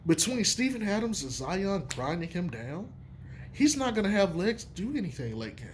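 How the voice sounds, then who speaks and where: A man with a fairly high voice gives his basketball takes in a casual, profane way. His pitch swings widely as he hammers his points home, over a faint hiss. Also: normal speed. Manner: emphatic, profane, animated. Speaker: sports commentator. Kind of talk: casual sports opinion talk.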